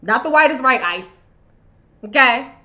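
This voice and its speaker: Woman, bright sharp voice, sassy profane commentary, live stream. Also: sits high, expressive, unhurried, lo-fi sound. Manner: sassy, emphatic, loose and profane. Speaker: live show host. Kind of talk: profane political commentary monologue.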